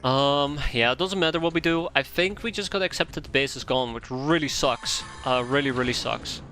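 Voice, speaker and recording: A man streams a game live with fairly quick, bright, forceful exasperated commentary over faint music. He complains aloud, repeats himself, swears now and then, and his voice jumps high when something goes wrong.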